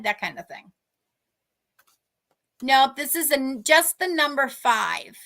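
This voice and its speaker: Speaking slowly with long pauses, a Boston-accented psychic medium chats and does readings on a live stream via a video call mic. Her high voice has lively intonation and a pushed, bright quality, and she rambles, frequently stopping herself mid-sentence.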